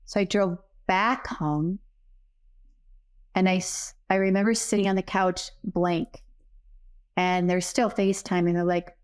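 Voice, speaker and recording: A woman's voice: lowish voice, steady tone, a little slow, darkish tone, clear, resonant tone. Middle-aged woman telling her story. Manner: earnest, acts out remembered dialogue. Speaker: podcast guest, psychic medium. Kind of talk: personal storytelling in a casual interview.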